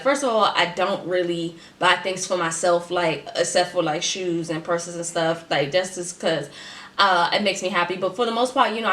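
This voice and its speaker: A woman vlogger telling a personal story in casual, slangy chat, with emphatic and animated delivery. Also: on the low side. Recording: echoey room.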